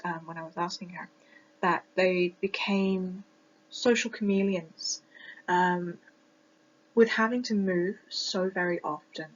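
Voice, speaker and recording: Reflective British woman, lo-fi recording. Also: lowish voice. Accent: British received pronunciation. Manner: reflective, thoughtful, with many ums and restarts. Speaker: student presenter. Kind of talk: personal presentation. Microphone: close mic that sometimes distorts. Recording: dull lo-fi home recording.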